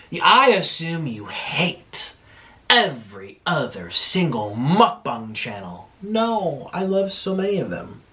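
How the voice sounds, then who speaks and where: A young man in casual chat as a mukbang vlogger at home, talking while he eats, chatty and animated, swearing when he gets heated. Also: medium pitch.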